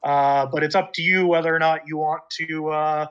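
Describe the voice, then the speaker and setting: Guy dming a tabletop game, kinda high voice, lots of uhs and ums, dull lo-fi mic. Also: fairly even intonation, normal speed, fairly bright tone, clean tone. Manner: hesitant, many fillers. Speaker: dungeon master.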